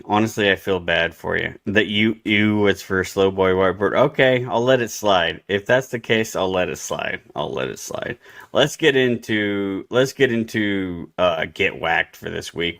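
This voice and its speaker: A man hosting an online radio show, giving laid-back, repetitive shout-outs. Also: fairly low pitch, moderate pace, gravelly, few pauses. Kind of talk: casual online radio talk.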